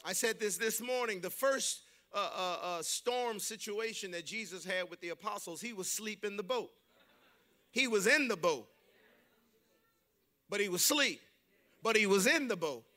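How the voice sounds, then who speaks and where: A male preacher delivering a rousing call-and-response sermon, swinging from quiet to shouting. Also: sits high, normal speed.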